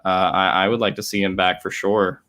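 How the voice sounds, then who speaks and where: A man with a lowish voice talks football on a live show in an easygoing, conversational way. He chats loosely with his co-hosts. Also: flat delivery, pushed and bright. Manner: easygoing, quick to laugh, conversational. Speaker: podcast co-host. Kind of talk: casual live-stream sports chat.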